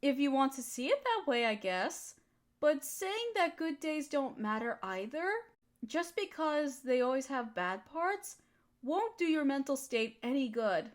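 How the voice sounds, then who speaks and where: Lively high-voiced woman, whispered role-play. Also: a little slow. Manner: gentle, affectionate and teasing. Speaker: audio role-play performer.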